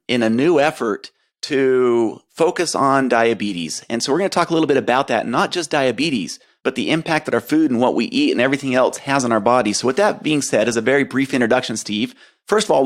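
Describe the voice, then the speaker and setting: A man's voice: medium pitch, animated, a little fast. A man hosting a podcast, introducing his guest in an earnest, enthusiastic way. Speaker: podcast host.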